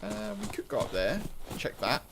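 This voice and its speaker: A man's voice: on the high side, very animated, normal speed, gravelly, noisy background. A British man giving rambling, chatty commentary while streaming a live game, often repeating and restarting his phrases. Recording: loud game sounds behind voice.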